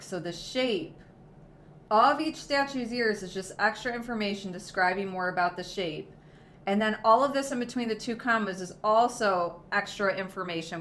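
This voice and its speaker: A woman's voice: medium pitch, fairly bright tone, slight background noise. A young woman teaching a casual test prep lesson, chatty and encouraging, with fillers and self-corrections.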